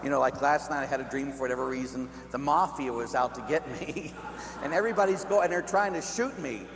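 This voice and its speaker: A man from Pittsburgh, a Catholic priest, telling a humorous, animated personal story in a sermon, often laughing and adding "huh?". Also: mid-range voice, fast. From Pittsburgh, United States. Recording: echoey hall, faint hum.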